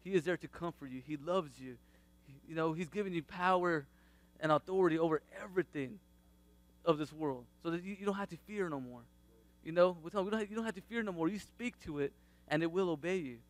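A man, around his thirties, sharing a faith testimony about his family in a casual, animated way, laughing often and acting out what people said. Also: a little high, quick pace, dry recording.

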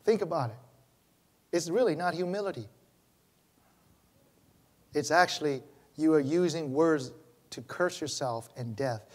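A pastor preaching a sermon in church, animated, swinging between loud emphatic lines and low quiet ones. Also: male voice, a little slow, pauses often.

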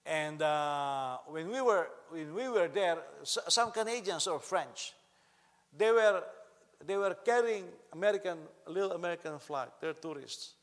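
Male pastor, sermon, animated delivery with loud acted-out quotes, fairly high voice, reverberant hall. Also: measured pace. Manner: animated, acts out quotes loudly, rising from quiet to shouting.

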